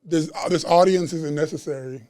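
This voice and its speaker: A man who works as a chef and Reiki practitioner, chatting as a guest at a live podcast taping in a bookstore and telling stories in an animated, slangy way. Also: fairly high pitch, brisk, no room sound. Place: bookstore event space.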